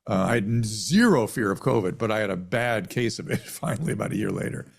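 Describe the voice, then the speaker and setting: A man around seventy, a physician, telling his story in an interview, halting with many restarts and self-corrections. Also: fairly low pitch, expressive, creaky, husky. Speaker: physician guest.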